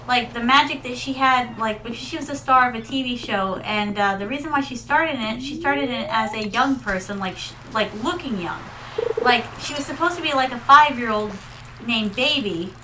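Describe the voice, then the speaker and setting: A woman's voice: on the high side, sharp tone, low-quality recording. A woman Vtuber streamer chatting casually and rambling through stories while playing, calling her viewers her darlings. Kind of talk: casual gaming livestream chat.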